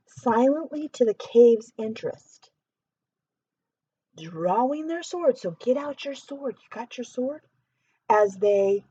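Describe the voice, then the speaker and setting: A woman reading a children's story aloud, animated, pausing to ask the young listener questions. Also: a little high, slightly rough, muffled recording.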